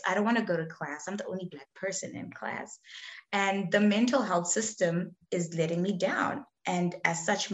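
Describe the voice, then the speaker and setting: A woman from Zimbabwe, a guest telling her personal story in an earnest, emphatic way, often acting out what others said to her. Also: fairly low pitch. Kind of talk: candid conversational storytelling.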